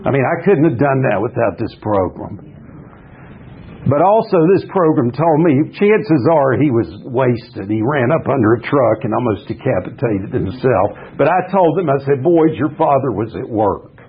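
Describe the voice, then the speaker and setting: A man's voice: mid-range voice, expressive, normal speed, husky. A man, sharing his story at a recovery meeting in a blunt, rambling, folksy way full of restarts. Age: 60s. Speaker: AA speaker. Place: meeting hall. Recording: muffled lo-fi meeting recording.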